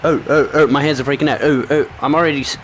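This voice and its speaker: Man playing a vr game, joking trash talk, excitable, game music behind. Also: medium pitch, fast talker. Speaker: gaming video host. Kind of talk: let's-play commentary.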